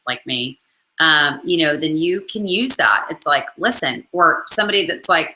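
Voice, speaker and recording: A network marketing coach with a lowish, pushed, bright voice talks briskly with lively intonation. Hiccuping and chatty, she fills her casual follower video with "um" and "like." The rough recording has a roomy sound.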